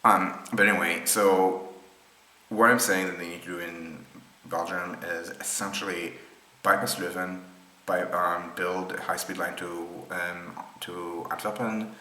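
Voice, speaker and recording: A man with a low yet bright, cutting voice talks through rail maps off the cuff. He pauses often with ums and restarts sentences as he thinks. The sound is roomy, with a faint hum of ambience behind him. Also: fairly even intonation. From Israel. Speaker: presenter explaining rail maps. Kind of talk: unscripted screen-share explainer.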